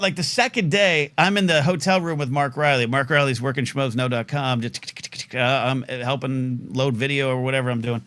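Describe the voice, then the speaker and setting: A man's voice: on the high side, a bit bright. A middle-aged man hosting a live call-in talk show, telling rambling stories with lots of fillers and restarts.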